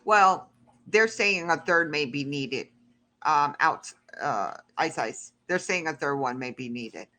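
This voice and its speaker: A woman's voice: low voice, expressive, slow pace, sharp tone. A woman hosting a casual livestream who answers her chat in a rambling, heated way. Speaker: livestream host.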